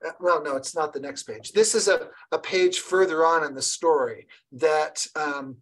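A woman leading an online training session for early childhood educators, lively and encouraging, often restarting her sentences. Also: deep voice, normal speed, poor audio. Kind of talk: online professional development session.

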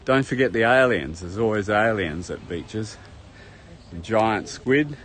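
A man's voice: lowish voice, animated, measured pace, fairly bright tone, slight background noise. Chatty man on a beach walk. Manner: chatty, rambling, addresses viewers as folks. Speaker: travel vlogger. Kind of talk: casual walking tour commentary. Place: outdoors at a beach park. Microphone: handheld camera while walking.

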